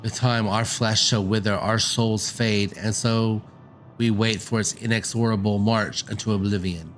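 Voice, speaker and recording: A man's voice: on the low side, steady tone, a little slow, fairly bright tone, soft background music. A man reading a solemn ancient dragon. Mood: mournful. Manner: solemn, archaic speech. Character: ancient, brooding, fatalistic dragon. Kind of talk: reading game dialogue aloud.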